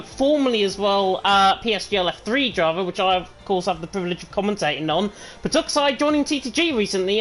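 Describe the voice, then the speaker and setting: A man's voice: sits high, fairly bright tone. A man with a northern English accent, commentating live before an esports race, fluent and leaning on "of course". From northern England.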